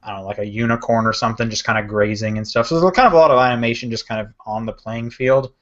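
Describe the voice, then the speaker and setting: A man's voice: medium pitch, fairly even intonation, very fast. Rambling man on a lo-fi podcast. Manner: rambling, filler-heavy, self-correcting. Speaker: podcast co-host. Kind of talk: casual chat. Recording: dull lo-fi podcast audio.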